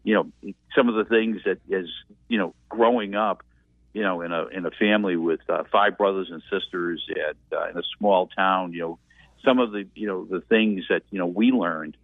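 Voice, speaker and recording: A man's voice: low-pitched, normal speed, no room sound. Older New man on a phone line. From Massachusetts. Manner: rambling, reflective storytelling. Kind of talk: casual reminiscing. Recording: tinny dry phone line.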